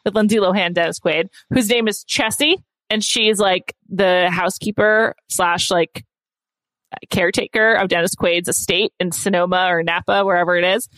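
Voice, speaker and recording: A woman co-hosting a casual chat, talking in quick, chatty asides. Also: on the low side, steady tone, a bit bright. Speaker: podcast co-host.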